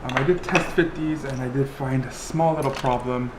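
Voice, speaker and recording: A man's voice: mid-range voice, fairly even intonation, normal speed, very noisy. A man vlogging casually about a DIY project in his home workshop, talking with lots of fillers and restarts. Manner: chatty, filler-heavy, restarts often. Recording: roomy workshop, music playing underneath.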